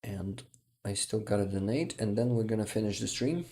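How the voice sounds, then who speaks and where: A tired man hosting a casual livestream and reading out viewer comments in a hesitant, halting way, often restarting and chuckling softly. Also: lowish voice. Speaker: livestream host.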